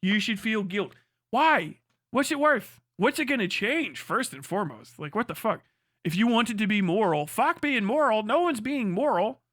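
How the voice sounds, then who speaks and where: Guy streamer ranting hard, swears a ton, sarcastic, highish voice, dry close mic. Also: animated, moderate pace, fairly bright tone, no echo. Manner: profane, heated and sarcastic. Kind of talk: livestream rant.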